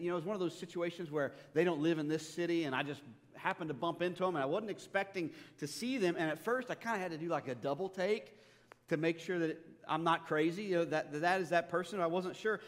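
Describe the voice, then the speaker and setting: Male pastor, slightly high voice, conversational preacher with humor, long hall reverb. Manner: conversational, animated storytelling with humor. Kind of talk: sermon. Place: church sanctuary.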